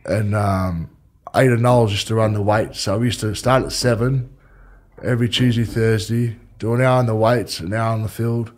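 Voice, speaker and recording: A man's voice: lowish voice, steady tone, normal speed, darkish tone. A man with an Australian accent, a former rugby league player, telling rambling stories and swearing freely in casual chat.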